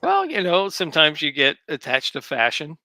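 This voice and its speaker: A man's voice: on the high side, huge pitch swings, normal speed, bright, forceful tone, no room sound. A man, a comics writer, talking easily as a guest in a casual interview, thinking aloud as he goes. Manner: easygoing, thinks aloud with ums.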